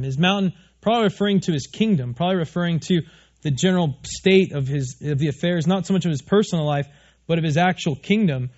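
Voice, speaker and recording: High-voiced man preaching a sermon. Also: a little fast, highs cut off. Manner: animated preaching, questions to the congregation. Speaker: pastor. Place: church stage before a congregation.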